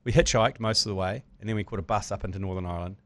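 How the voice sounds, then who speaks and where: A man in his forties with a New Zealand accent, hosting a podcast and telling lively, swear-filled stories in casual chat. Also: fairly low pitch, rapid-fire, slight background noise. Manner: lively storyteller, swears freely, laughs mid-story. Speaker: podcast host.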